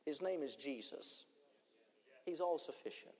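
A man preaching a revival sermon, swinging between shouted lines and hushed ones. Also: fairly high pitch, animated, unhurried. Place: church conference hall. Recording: long church hall reverb.

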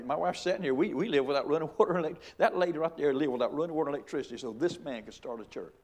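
A man's voice: on the high side, darkish tone. A middle-aged man, a pastor preaching a sermon with emphatic, repeated rhetorical questions.

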